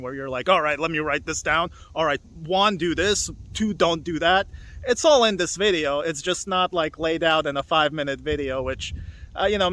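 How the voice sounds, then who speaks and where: Here the young man's voice sits a little high with a fairly bright tone. He's a Hot Wheels vlogger rambling casually alone outdoors in a forest, a bit out of breath from walking, his chatty talk loaded with fillers and restarts.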